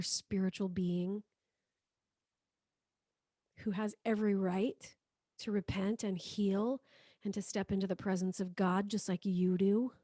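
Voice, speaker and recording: A woman with a mid-range voice, working as a spiritual healing teacher, leads a guided prayer softly and slowly. She repeats phrases for listeners to say back to her, recorded in a studio with no echo.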